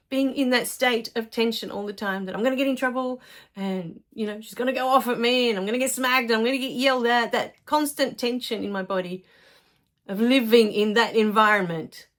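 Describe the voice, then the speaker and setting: A middle-aged woman, a life coach talking casually to her followers in a chatty storytelling way. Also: a little high. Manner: chatty, warm storytelling with laughs.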